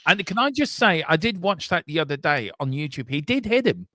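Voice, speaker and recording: A man hosting a football watchalong, chatting casually in a rambling, animated way and swearing now and then. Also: fairly high pitch, fairly quick, no echo. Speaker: watchalong host.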